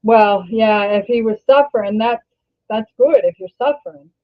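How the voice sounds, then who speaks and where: An older Canadian woman hosting a casual livestream, talking in a rambling, halting way and often restarting her sentences. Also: fairly high pitch. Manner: rambling, halting, self-correcting. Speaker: livestream host. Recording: tinny phone-like sound.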